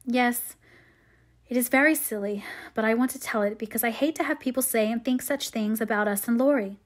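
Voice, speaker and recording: A woman's voice: a little high, fairly quick, natural voice. A woman reading aloud as a remorseful teenage girl confessing to her mother. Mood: earnest. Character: young woman, sixteen-ish, sweet and remorseful.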